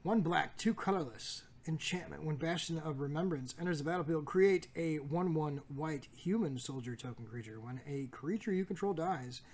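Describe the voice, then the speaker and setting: Brief: man, slightly high voice, casual host reading card text, joking, faint room noise. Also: moderate pace, hardly any pauses, darkish tone. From United States. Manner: reads card text aloud, jokey, stumbles over words. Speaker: card shop host opening packs. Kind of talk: casual pack-opening commentary.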